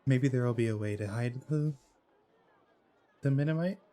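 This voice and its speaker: A man's voice: medium pitch, normal speed, warm tone. Hesitant man reading game text aloud. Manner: hesitant, with fillers and self-corrections. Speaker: let's play host.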